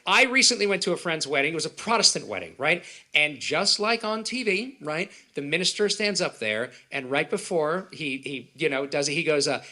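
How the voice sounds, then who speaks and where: A man from Israel performing a stand-up comedy set at a live event, with punchy delivery and quick put-on voices. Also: fairly high pitch, lively intonation, pushed and bright. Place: event hall with live audience.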